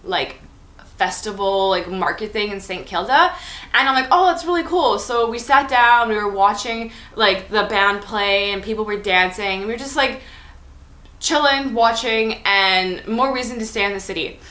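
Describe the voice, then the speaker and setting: A woman's voice: medium pitch, normal speed, sharp tone, reverberant. A young woman telling a story on her vlog in a chatty, enthusiastic way, full of "like". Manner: chatty, enthusiastic, heavy use of "like". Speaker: vlogger. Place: room at home.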